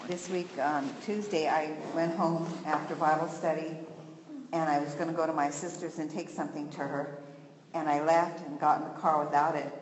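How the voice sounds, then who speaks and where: Deep-voiced woman telling a church testimony. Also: roomy sound, long reverb tail, slight background noise, rough recording. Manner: storytelling, earnest, acts out the voices in her story. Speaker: church member giving testimony. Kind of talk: personal testimony.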